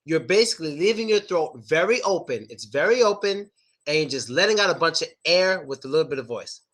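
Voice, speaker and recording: This is a man teaching English pronunciation to an online class, with a high, bright voice that swoops up and down. He talks slowly and playfully and repeats words carefully so learners can copy them. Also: animated.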